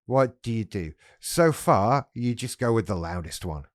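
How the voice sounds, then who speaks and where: A man's voice: fairly low pitch, expressive, a little slow, no echo, studio quality. A man talking frankly and with self-mocking humor in a casual vlog monologue. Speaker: YouTuber.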